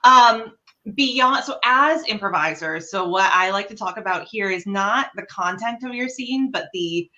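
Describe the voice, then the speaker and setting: Bright-voiced, encouraging woman coach. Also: mid-range voice, lively intonation, unhurried, highs cut off. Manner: warm and encouraging, praises generously. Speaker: improv coach and host. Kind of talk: casual podcast chat, giving feedback.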